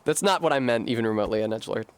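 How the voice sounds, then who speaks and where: A man streaming a video game, chatting casually and thinking aloud to his viewers, swearing freely and getting animated. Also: mid-range voice, rapid-fire, clear, resonant tone, no room sound. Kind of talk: casual live-stream chat while gaming.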